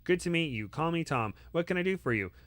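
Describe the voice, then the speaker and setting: A man's voice: a little high, lively intonation, quick pace, fairly bright tone, dry recording, voice pushed up. A man reading as a friendly joking wizard. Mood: welcoming.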